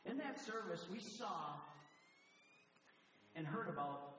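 Male pastor, fairly high voice, emphatic sermon, captured from far off in a reverberant church with faint hiss. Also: expressive, slow, a bit bright. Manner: emphatic preaching with repeated phrases. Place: church service.

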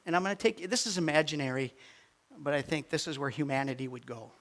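An older man, a grandfather, preaching a sermon with animated swings from quiet asides to near-shouted peaks. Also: fairly high pitch, quick pace. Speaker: pastor.

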